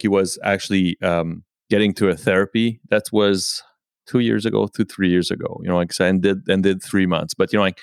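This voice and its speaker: A man's voice: deep voice, dry recording. Rambling man with a dry sound. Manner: rambling, heavy use of "you know, like". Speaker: host. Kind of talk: casual conversation.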